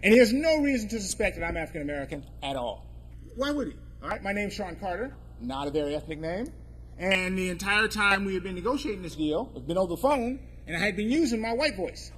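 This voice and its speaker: A male attorney telling a humorous story to an audience, with joking, animated asides. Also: high-pitched, quick pace, slight background noise. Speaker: attorney and speaker.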